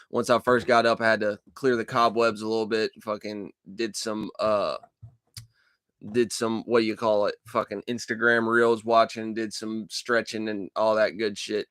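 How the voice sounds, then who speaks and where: A man hosting a casual dream-journal vlog from a dark room at his computer, talking into a desk microphone in a rambling, profane way with lots of fillers and restarts. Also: on the low side, clean tone, dry recording, studio quality. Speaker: channel host.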